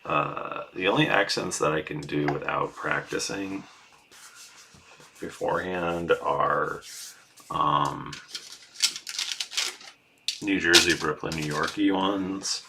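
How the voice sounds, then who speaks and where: A man's voice: rumbling low, takes it slowly, vocal fry, long pauses, background noise. A man from the US Northeast, a craft streamer, chatting casually with his viewers in a rambling, self-deprecating way and swearing freely. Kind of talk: casual livestream chat.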